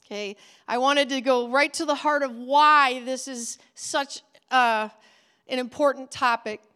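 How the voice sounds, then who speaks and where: A ministry trainer with a high, pushed, bright yet smooth female voice delivers an earnest, emphatic teaching talk to children's pastors in a conversational style.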